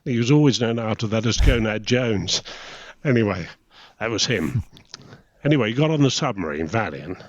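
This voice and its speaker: Low-voiced old Englishman telling stories. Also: lively intonation, normal speed, no room sound. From England. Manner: chatty anecdotal storytelling, chuckling. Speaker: guest, retired naval officer. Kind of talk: casual reminiscing interview. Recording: dry, slightly dull recording.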